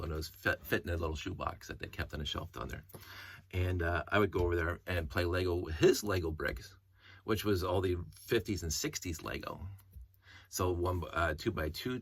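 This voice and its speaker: Husky man, middle-aged, enthusiastic collector, rambling show-and-tell, low voice. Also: a bit bright. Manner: enthusiastic, rambling with many restarts and tangents. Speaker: toy collector showing his collection. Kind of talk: casual show-and-tell vlog.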